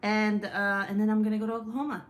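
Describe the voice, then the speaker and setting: A woman's voice: mid-range voice, flat delivery, fast. A young woman hosting a casual craft livestream, chatting and reading comments aloud in a rambling, swearing way. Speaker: craft channel host.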